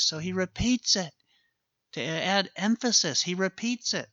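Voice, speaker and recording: A man's voice: sits high, animated, normal speed, bright, forceful tone, no room sound, lo-fi sound. A man preaching a sermon as a pastor, earnest and emphatic, repeating his key phrases for weight.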